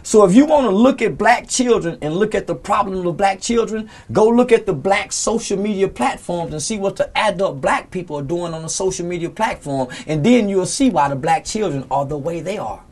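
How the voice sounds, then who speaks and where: A man's voice: high voice, animated, brisk, hardly any pauses, darkish tone. Profane, preachy man ranting in an interview. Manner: profane, preachy, impassioned, cites scripture. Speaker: interview guest. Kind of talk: heated, unfiltered interview rant.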